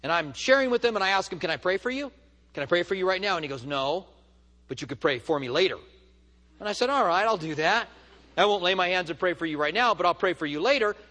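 In a large hall, a man teaches a church study in a high-pitched, bright, forceful voice, speaking fast and with animation. He tells stories in a preaching style, growing emphatic and rising when stirred, as in a sermon.

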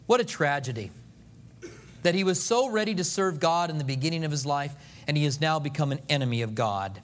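A pastor giving a sermon, telling the story in an animated, joking way and acting out the scenes. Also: male voice, a little high, brisk.

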